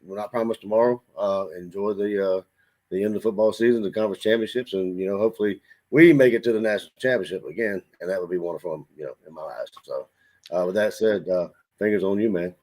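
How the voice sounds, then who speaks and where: A man's voice: on the low side, quick pace, darkish tone. A man from the Washington DC area, a podcast co-host who talks in earnest, meandering reflections in casual sports talk.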